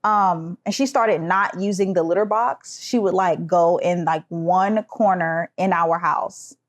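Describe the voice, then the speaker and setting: A woman's voice: lowish voice, a little slow. A young woman co-hosting a casual podcast, telling stories animatedly and acting out voices. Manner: animated storyteller who does voices. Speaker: podcast co-host. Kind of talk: casual chat.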